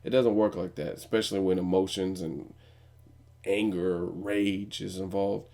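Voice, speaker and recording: A man's voice: low voice, steady tone, a little slow, vocal fry, dark tone. A young man giving a blunt, profane, opinionated commentary as a vlogger host. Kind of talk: casual news commentary.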